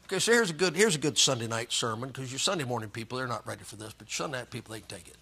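A man's voice: medium pitch, lively intonation, rapid-fire, gravelly, bright, forceful tone, husky. A man preaching a sermon as pastor, reading scripture and joking in a folksy way.

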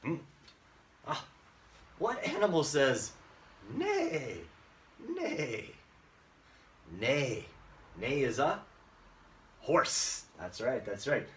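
A man's voice: medium pitch, big pitch swings, takes it slowly, long pauses, fairly bright tone, far from the mic, slight background noise. A man teaching English to Japanese learners in an online lesson, acting out sounds playfully and mixing in Japanese words.

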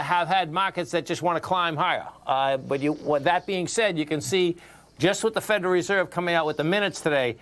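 Male radio host, Boston accent, a touch high-voiced, excitable, repetitive. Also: clean tone. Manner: excitable, repeats himself, talks straight to listeners. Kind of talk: financial radio talk.

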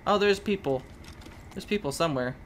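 A woman casually commenting as she plays a video game, chatty and excitable, shrieking at sudden scares and coaxing a pet in baby talk. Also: fairly low pitch, fairly quick, a little hiss or hum. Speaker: gaming video host. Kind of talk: casual let's-play commentary.

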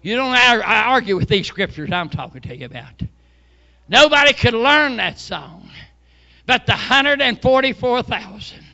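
A man, preaching a fervent sermon and often shouting hallelujah. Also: very high-pitched, expressive, measured pace, vocal fry, muffled recording. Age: 70s. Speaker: pastor.

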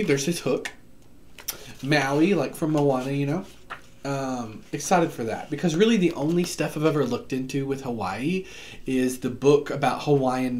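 A man chatting casually on camera about books he bought, excitable, with lots of fillers and asides, recorded at home. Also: medium pitch, a little hiss or hum. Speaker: book vlogger. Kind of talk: casual book haul chat. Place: home room.

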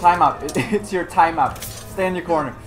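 A young man giving loud, excitable, joking commentary while playing video games, swearing often. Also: a little high, moderate pace. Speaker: gaming streamer. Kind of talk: casual gaming commentary. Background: game music.

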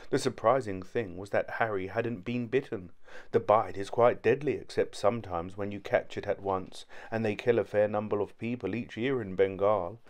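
A man narrating a short story in steady first-person storytelling. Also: lowish voice, moderate pace. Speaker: audiobook narrator.

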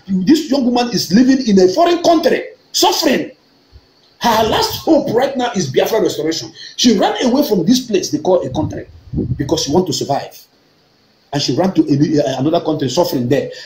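A Nigerian man delivering an emphatic political address, repeating key phrases and swinging to high-pitched outbursts. His voice sits a little high for a man and is animated. The recording has a roomy echo with a faint hum of ambience underneath. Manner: emphatic, repetitive, rising to fervent outbursts. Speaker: online activist broadcaster. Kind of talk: impassioned political talk.

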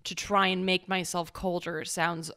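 A woman's voice: fairly low pitch, little pitch movement, measured pace, sharp tone, clean tone. A woman co-hosting a podcast in casual chat, rambling and self-mocking, with plenty of swearing. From North Carolina. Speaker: podcast co-host.

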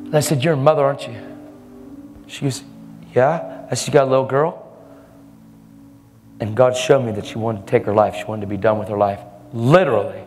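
A man preaching a storytelling sermon, animated, acting out the people in his stories with sudden jumps in pitch. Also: brisk, long pauses. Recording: long hall reverb, faint music.

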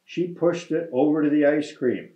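A man reading a children's picture book aloud to students in a deliberate storytelling manner. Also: a little high. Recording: roomy, slightly dull recording.

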